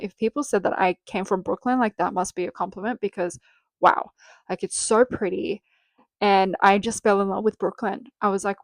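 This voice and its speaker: A woman's voice: mid-range voice, normal speed, no room sound. A young Australian woman hosting a casual solo podcast, chatting with lots of "um" and "like" fillers and casual swearing. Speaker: podcast host.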